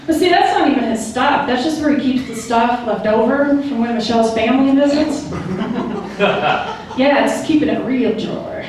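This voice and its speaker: A woman's voice: a little high, normal speed, a little mellow. A woman performing a stand-up routine, telling a casual, profane, slangy story and doing voices for the characters. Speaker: stand-up comedian. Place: comedy club stage. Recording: echoey club from far off with crowd laughter. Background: audience laughing.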